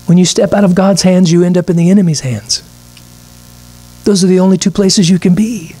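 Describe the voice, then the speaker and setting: A man's voice: sits high, fairly quick, warm tone. A man, a pastor preaching a midweek sermon, reading scripture aloud and acting out little asides.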